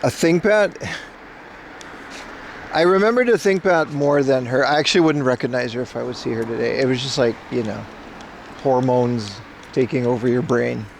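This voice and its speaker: A man's voice: medium pitch, moderate pace, vocal fry, long pauses, slight background noise. A man in his thirties from the Caribbean, chatting with his viewers as he walks outdoors during a casual livestream. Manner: chatty, rambling, joking with chat. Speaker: IRL livestreamer. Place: outdoors walking through streets. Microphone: camera rig carried while walking.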